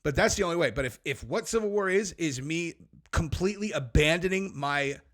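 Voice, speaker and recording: A man's voice: a little high, animated, brisk, fairly bright tone. Fired-up man ranting. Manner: emphatic, ranting, casual slang. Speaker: podcast host. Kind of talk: heated political commentary.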